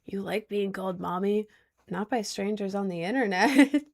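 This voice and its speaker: A woman's voice: mid-range voice, normal speed. A young woman livestreaming from home, chatting casually and answering viewer messages, rambling with lots of fillers. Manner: rambling with many likes and I don't knows.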